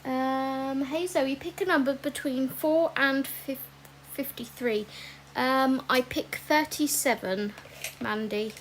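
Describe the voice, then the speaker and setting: A woman's voice: high voice, takes it slowly, a little hiss or hum, low-quality recording. A woman chatting casually while colouring on a livestream, with lots of ums and asides to viewers reading their comments.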